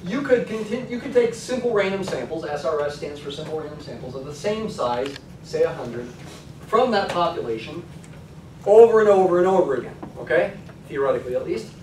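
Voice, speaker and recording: A man's voice: fairly high pitch, animated, fairly quick, slight background noise. A male college statistics lecturer giving a classroom lecture, conversational and checking in with "okay?" often. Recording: echoey classroom from a distance.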